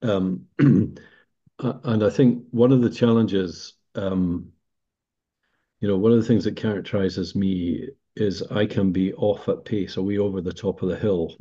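An older business leader, a guest on a podcast, answers interview questions thoughtfully with hesitant restarts. His deep, warm voice has a breathy edge and fairly even intonation at a measured pace, and the recording sounds dull and lo-fi.

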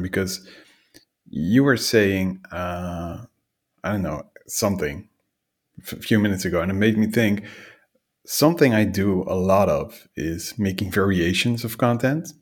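Male podcast host, very deep husky voice, easygoing conversational delivery. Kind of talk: casual conversational interview.

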